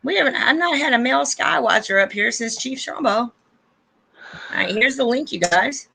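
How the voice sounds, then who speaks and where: A woman's voice: fairly high pitch, animated, moderate pace, gravelly, bright, forceful tone, slightly rough. A woman hosting a live panel stream, chatting casually and emotionally about spiritual growth and talking straight to her viewers. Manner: effusive and emotional; addresses viewers as "you guys".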